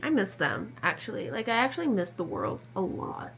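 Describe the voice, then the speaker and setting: Woman in her 20s, excitable reading vlogger, casual home recording. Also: mid-range voice, normal speed, a little hiss or hum. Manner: excitable, chatty, full of fillers. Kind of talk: casual vlog chat.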